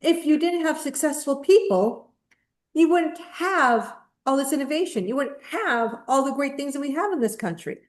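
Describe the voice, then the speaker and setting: A woman's voice: high voice, lively intonation, moderate pace. Blunt, emphatic woman co-host. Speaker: podcast co-host. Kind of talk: casual opinion chat.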